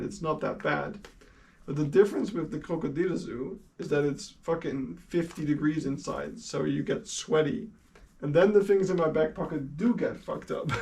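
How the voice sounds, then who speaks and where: A man's voice: fairly high pitch, creaky, recorded from a distance. Young native-Dutch male streamer, casual and giggly, set back from the mic with faint hiss. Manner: chatty and laughing often, with casual swearing. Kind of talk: casual chat while sorting a collection.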